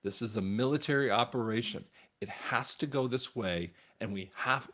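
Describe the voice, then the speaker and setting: A man's voice: mid-range voice, normal speed, a bit bright. Emphatic man preaching straight to camera. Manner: addresses viewers directly as guys. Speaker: channel host and commentator. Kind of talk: religious and political commentary monologue.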